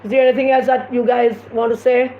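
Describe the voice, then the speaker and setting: A woman's voice: fairly high pitch, level tone, fast, warm tone. A woman with a Jamaican accent giving impassioned political commentary on a live stream, repeating her points with emphasis. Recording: echoey room, dull lo-fi sound, faint noise.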